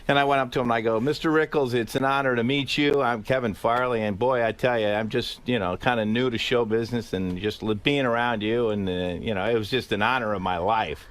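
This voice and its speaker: A man's voice: medium pitch, steady tone, a little fast, few pauses, a bit bright. A man telling a story in a stammering, earnest way, repeating his words.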